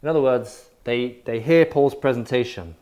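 Brief: male preacher, mid pitch, emphatic, punchy repetition. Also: normal speed, a little mellow. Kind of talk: sermon.

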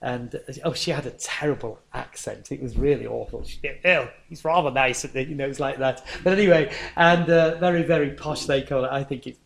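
A man's voice: medium pitch, steady tone, fairly quick, gravelly, hardly any pauses. A man preaching a sermon in a conversational storytelling manner.

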